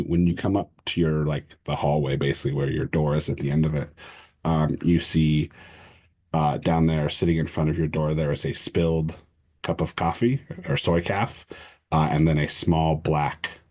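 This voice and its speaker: A man's voice: extremely low pitch, level tone, moderate pace. A man running a tabletop role-play as game master, describing scenes loosely with many fillers.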